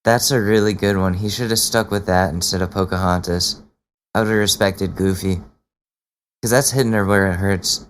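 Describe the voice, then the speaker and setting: A man's voice: low-pitched, steady tone, normal speed, a little hiss or hum. A man hosting a podcast, reacting to clips in casual commentary, blunt and incredulous, swearing freely. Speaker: podcast host.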